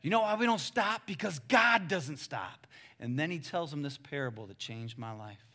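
A male pastor preaches in a conversational style, talking to the crowd like friends. His voice is bright and forceful, a bit high for a man. He swings dramatically between hushed stretches and loud, excited ones. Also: moderate pace. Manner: conversational, addresses the crowd as guys. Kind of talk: sermon.

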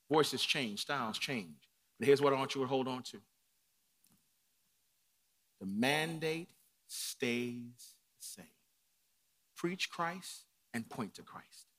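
A man preaching a sermon from the pulpit, dropping to hushed lines and climbing to shouts. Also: mid-range voice. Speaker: pastor. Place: church sanctuary.

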